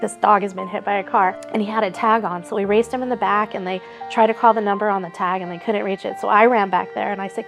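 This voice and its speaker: A woman animal welfare advocate in an interview, telling her story in a lively way and acting out her own thoughts. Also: mid-range voice, low-quality recording. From Nevada.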